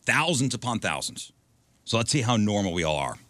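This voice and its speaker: Male radio host, low voice, bright tone, bouncy delivery, dry studio sound, joking banter. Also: very animated, fairly quick, no echo. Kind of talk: casual morning radio banter.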